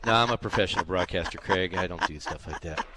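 Speaking fast in a low-pitched, bright, forceful voice, a man hosts a sports radio golf program from a radio studio. His talk is casual and emphatic, rambling with fillers as he moves between chat and live ads.

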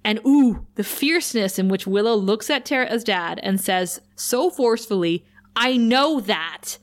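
A woman in a relaxed conversational podcast, recapping a TV episode with energy. She talks fast, slips into quoting the characters and laughs readily. Her voice sits at a medium pitch, typical for a woman. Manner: retells scenes quickly, quoting characters, often laughing. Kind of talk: casual chat, animated episode recap.

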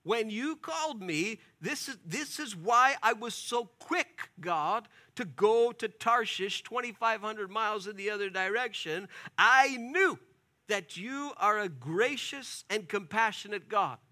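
A furious prophet pours out his complaint to God, pitched high and loud above the teller's usual voice, as a preacher acts him out. The tone is bright and cutting, each plea pushed hard and exasperated. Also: animated, a little slow, full character voice. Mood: exasperated pleading. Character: bitter resentful male prophet praying in anger.

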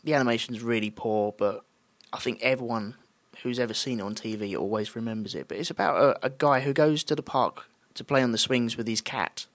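A man's voice: medium pitch, brisk, no room sound. A man co-hosting a podcast in casual chat, making wry, joking asides. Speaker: podcast co-host.

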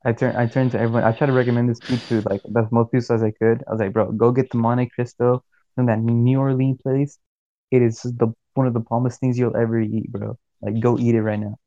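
A man's voice: mid-range voice, little pitch movement, fairly quick, mellow, dry recording. Chill young guy telling a trip story, says bro a lot, muffled dry mic. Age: young adult. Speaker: podcast co-host. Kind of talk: casual storytelling chat.

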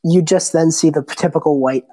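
A woman game master narrating a tabletop game in a relaxed, descriptive way. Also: sits low, a little fast, low-quality recording. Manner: relaxed, descriptive, some restarts.

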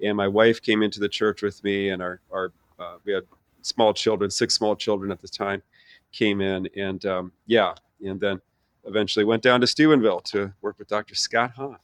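A middle-aged man, a theology professor, telling his personal faith story in an earnest, animated way with many restarts. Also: fairly low pitch, normal speed, dry recording. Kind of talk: conversational personal testimony.

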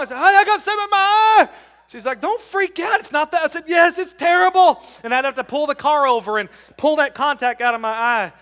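A middle-aged man preaching a sermon, calling on the congregation and rising from soft talk to loud shouts. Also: high-pitched. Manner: calls on the congregation to respond. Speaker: pastor.

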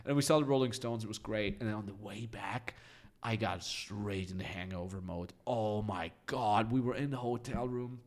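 A man in his thirties, from Austria, telling stories as a podcast guest in a lively, chatty way and acting out the voices of people in them. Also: lowish voice, moderate pace. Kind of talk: casual storytelling.

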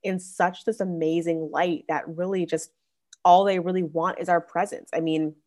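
A woman's voice: fairly low pitch, steady tone, normal speed, darkish tone. A young adult woman hosting a podcast, talking casually about faith and parenting, with a chatty manner full of "like" fillers and restarts. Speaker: podcast host.

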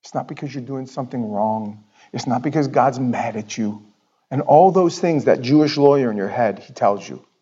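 Conversational pastor with wild volume swings. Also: male voice, medium pitch, normal speed, husky, lo-fi sound. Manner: conversational, swings from loud outbursts to near-whispers. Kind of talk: sermon.

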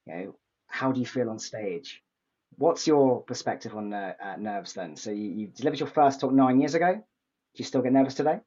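A man hosting an interview podcast, speaking calmly as he sums up points and asks questions. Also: medium pitch, a little fast. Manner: calm, summarizing, asks questions. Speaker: podcast host. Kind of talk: conversational interview. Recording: dull lo-fi mic.

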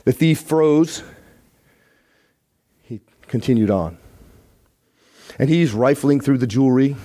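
Earnest male church teacher, emphatic sermon delivery, warm tone. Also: medium pitch, slow, pauses often.

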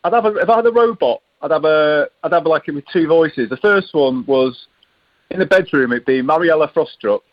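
A man's voice: on the high side, normal speed. A man calling in to a talk show, joking in a rambling way and stumbling over his words. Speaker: caller. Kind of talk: phone-in call. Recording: dull lo-fi phone line.

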